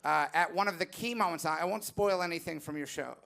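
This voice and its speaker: Bright high-voiced man hosting live. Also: a little fast, vocal fry. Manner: rambling, comic storytelling with laughs. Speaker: talk show host. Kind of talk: live comedy talk show banter. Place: live theater stage.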